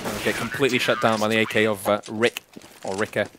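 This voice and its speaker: A man casting a competitive shooter match at a rapid clip, calling each play as it unfolds. Faint gunfire and game sounds sit underneath his voice. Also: on the low side, noisy background. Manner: fast, excitable play-by-play. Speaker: esports caster. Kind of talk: live game commentary.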